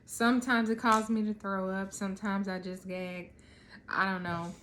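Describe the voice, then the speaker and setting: A woman's voice: mid-range voice, moderate pace, slight background noise. Rambling woman in her thirties. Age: 30s. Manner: relaxed, rambling, frequent ums. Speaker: vlogger. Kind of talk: casual chat.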